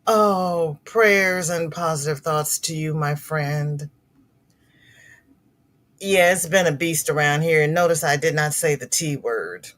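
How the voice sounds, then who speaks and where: A woman's voice: low-pitched, slow pace, a bit bright. A middle-aged woman hosting a crochet livestream, chatting casually with viewers and reading their comments, sympathetic and prone to repeating words.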